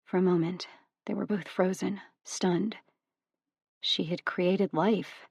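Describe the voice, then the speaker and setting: A woman narrating an audiobook in a steady, even storytelling manner. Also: lowish voice, slow pace, vocal fry, husky, dry recording, highs cut off. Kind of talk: scripted narration.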